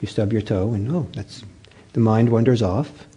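Mellow, husky male meditation teacher. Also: lowish voice. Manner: gentle, halting storytelling with many fillers and restarts. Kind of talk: dharma talk.

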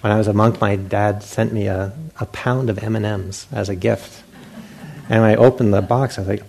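A meditation teacher giving a dharma talk, his man's voice low with a gravelly edge. He tells stories against himself and acts out his old thoughts, laughing as he goes. The talk is given at a meditation center. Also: moderate pace, darkish tone. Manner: self-mocking storyteller who acts out his own past thoughts, often laughing.

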